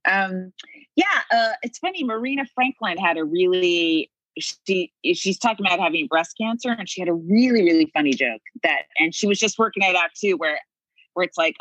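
Co-host, woman, quick reactive banter; animated pitch, slightly husky voice. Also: no echo, dull audio. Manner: lively, quick to laugh, reactive. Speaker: podcast co-host, comedian. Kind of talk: casual chat.

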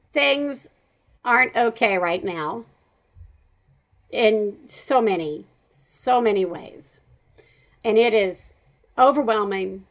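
A woman with a Southern American accent hosting a podcast, talking in a chatty, animated way with frequent laughs. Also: a little high. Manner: chatty, animated, laughs often, rambling asides. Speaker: podcast host. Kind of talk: casual chat.

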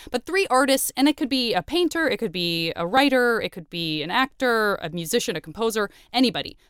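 A woman's voice: medium pitch, clear, resonant tone, no room sound, clean studio sound. A woman hosting a casual podcast interview, talking with effusive enthusiasm. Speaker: podcast host.

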